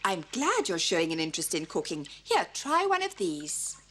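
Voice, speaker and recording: A woman voicing a strict, proper mother in an animated dub, prim and correcting. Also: on the low side, normal speed, slightly rough, full character voice. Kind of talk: animated series dub acting.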